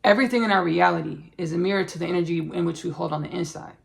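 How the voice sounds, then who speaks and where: A woman hosting a podcast, talking earnestly in a spiritual monologue, halting and repeating herself with many fillers. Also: fairly low pitch, gravelly. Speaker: podcast host.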